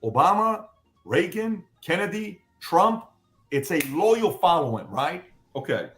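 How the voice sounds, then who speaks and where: A man's voice: sits high, very animated, measured pace, a bit bright, soft background music. A man with a Middle Eastern accent giving his political opinions, stressing his points with repetition and rhetorical questions. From Middle East.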